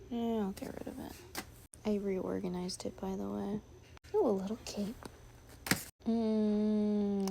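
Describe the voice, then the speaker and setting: Slow, gravelly woman thinking aloud. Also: mid-range voice, slight background noise. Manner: musing, chatty, thinking aloud; drops to a soft whisper at times. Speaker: sewing vlogger. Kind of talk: casual narration while sorting.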